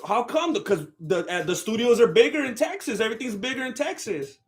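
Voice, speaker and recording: A young man hosts a live stream with casual fight commentary, his very high voice animated, brisk, and husky. He rambles and jokes, often stopping and restarting mid-sentence.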